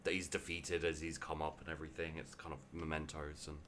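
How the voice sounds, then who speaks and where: Deep-voiced english gm, sharp tone, lots of um and like, faint hum behind. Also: male voice, level tone, fast. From England. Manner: hesitant, many ums and likes. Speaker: game master. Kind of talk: narrating a tabletop game.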